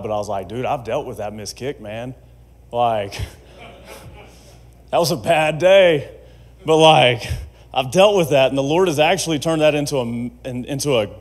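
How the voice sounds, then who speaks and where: A man speaking at a faith conference, telling his testimony in a conversational storytelling way and acting out the quoted dialogue. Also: mid-range voice.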